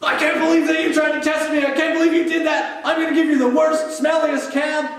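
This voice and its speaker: A man voicing a short-tempered grown man who turns sarcastic and then yells threats. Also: very high-pitched, level tone, a little fast, voice pushed up. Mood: furious. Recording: echoey church hall from far off.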